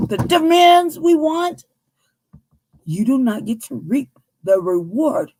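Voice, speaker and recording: An American woman hosting a news commentary show, talking in a heated, emphatic, profane way with a husky voice. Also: a little high, a little mellow, dry recording. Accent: American English. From United States.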